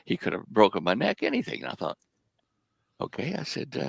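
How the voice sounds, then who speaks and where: A man's voice: fairly high pitch, wildly swooping pitch, brisk, gravelly, husky, no echo. An older man, a guest in an interview, telling long stories with many hesitations. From United States. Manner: rambling anecdotes full of hesitations. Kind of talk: casual storytelling in an interview.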